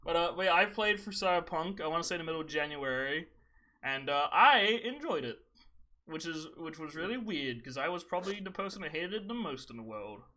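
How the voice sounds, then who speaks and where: A young man hosting a casual gaming podcast, his voice high and piercingly bright. He rants with plenty of swearing and mockery and breaks into laughter often. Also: animated, fairly quick. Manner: profane, mocking, laughs often. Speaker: podcast host.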